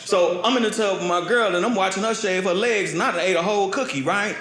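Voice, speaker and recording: Animated comedian on a live stage. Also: male voice, quick pace. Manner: animated storytelling, swinging from loud yelps to low mutters. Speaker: stand-up comedian. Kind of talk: stand-up comedy routine. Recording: roomy live stage sound with crowd. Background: laughing audience.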